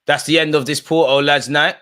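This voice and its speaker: A young man hosting a live football watch-along, excitable and full of slang, swinging from loud outbursts to low mutters. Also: fairly quick, clear, resonant tone.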